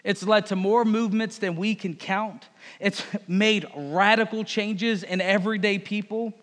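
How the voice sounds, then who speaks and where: A man's voice: high voice, fairly even intonation, unhurried, a bit bright. A man preaching a conversational sermon, talking straight to his congregation. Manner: direct, conversational, addresses congregation as folks and y'all. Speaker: pastor. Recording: long hall reverb.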